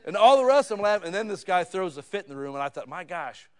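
A man in his fifties preaching a sermon, talking with his listeners in a storytelling way that swings from hushed asides to loud, excited moments. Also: a little high, rapid-fire, few pauses. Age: 50s. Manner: conversational, addresses listeners as "guys". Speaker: pastor.

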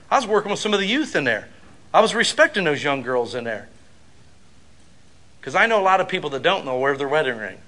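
A middle-aged male pastor delivering a sermon, telling casual stories and building up to loud, emphatic preaching. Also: fairly high pitch.

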